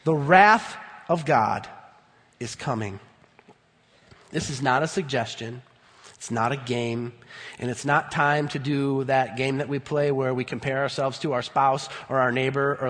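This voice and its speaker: A man in his thirties preaching a sermon in a church, emphatic, swinging between loud bursts and low, earnest tones. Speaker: pastor. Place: church sanctuary. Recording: long hall reverb.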